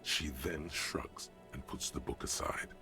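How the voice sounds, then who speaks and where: A man voicing the gravelly male narrator of a detective video game, reading scripted narration. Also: measured pace, sharp tone, faint music behind, exaggerated voice. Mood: wry. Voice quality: gravelly, very low.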